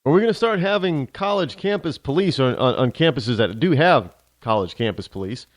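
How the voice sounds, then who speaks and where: A man's voice: medium pitch, animated, brisk, no room sound. A man from the United States hosting a talk show, ranting sarcastically in an opinionated monologue.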